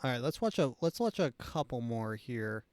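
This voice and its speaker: This is a man hosting a comedy show, reacting to clips in a rambling, mocking way that keeps restarting. His voice sits at an ordinary middle pitch, and it is recorded close and dry. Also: big pitch swings, normal speed, a little mellow, clean tone, no echo. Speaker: show host. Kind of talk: casual commentary on clips.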